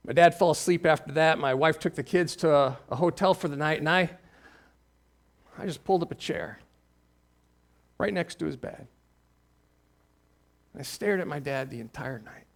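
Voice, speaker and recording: A man in his forties, a pastor, telling a personal story in a sermon, his voice dropping low and intimate, then swelling when stirred. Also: gravelly. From Ohio.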